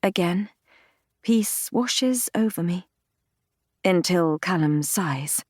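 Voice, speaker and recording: A woman narrating a fantasy romance audiobook in the first person, reading in a measured, intimate, unhurried way. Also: fairly low pitch, animated, a little mellow, dry recording, studio quality. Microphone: close studio mic, dry.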